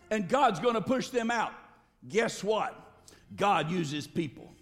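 A man's voice: sits high, animated, slow, a bit bright, faint music behind. A male pastor preaching an emphatic sermon and calling on the congregation to respond. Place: church sanctuary. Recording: long hall reverb.

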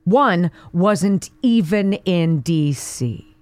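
A woman's voice: fairly low pitch, lively intonation, drawn-out words, a little mellow, no room sound. A woman hosting a talk radio show, delivering an indignant opinion monologue full of rhetorical questions. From Pittsburgh area.

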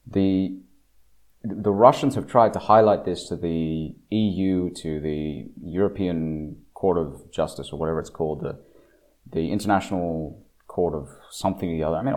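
A man giving a blunt, opinionated political monologue. He slows down to stress key phrases and breaks off into restarts and asides. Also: sits low, a little mellow. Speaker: political commentator.

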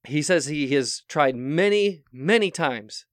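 A man playing a relationship-advice talk-show host in an improvised comedy sketch, halting and stammering in formal phrasing. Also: a little high, expressive, no echo, studio quality. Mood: earnest.

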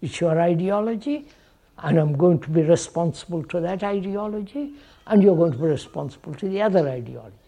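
A man's voice: high-pitched, lively intonation, brisk, gravelly, mellow. A man giving a reflective public talk to an audience, posing questions and repeating phrases, often checking with "right?". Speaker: speaker addressing an audience.

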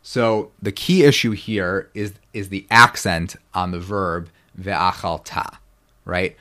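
A man's voice: deep voice, sharp tone. A man lecturing on biblical Hebrew grammar in a rambling, self-correcting way. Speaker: guest scholar.

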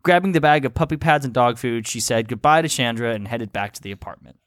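A man's voice: mid-range voice, quick pace, no echo, clean studio sound. A man reading fan fiction aloud as host, stumbling over words and breaking into giggles. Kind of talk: read-aloud comedic narration.

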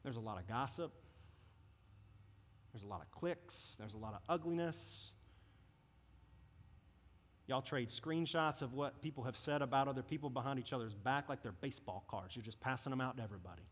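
A man's voice: mid-range voice, a little fast, pauses often. A man preaching a sermon as a youth pastor, earnest and impassioned in a conversational way. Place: church service hall. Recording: reverberant hall.

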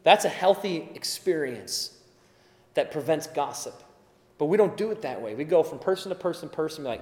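A man's voice: on the high side, lively intonation, moderate pace. A man preaching a sermon in an earnest, emphatic way, now and then acting out the voices he quotes. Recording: echoey hall with long reverb.

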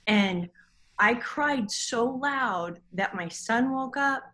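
Bright-voiced woman telling a story. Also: a little high, expressive, slow pace, poor audio. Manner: emotional, rambling storytelling. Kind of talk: casual podcast chat.

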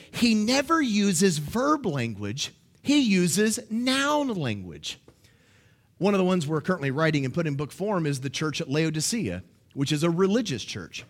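A man preaching a sermon, teaching emphatically and checking in with his listeners. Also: high voice.

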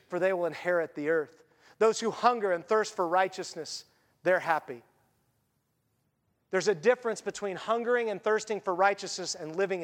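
A man preaching a sermon as a pastor, animated and conversational, slipping into voiced asides. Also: sits high, big-room sound.

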